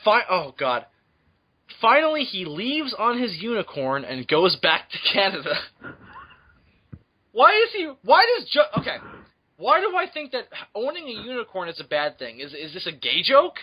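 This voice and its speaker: A young man co-hosting a podcast, loud and crude, laughing a lot as he jokes. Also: high voice, huge pitch swings, moderate pace. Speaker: podcast co-host. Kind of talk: crude comedy banter.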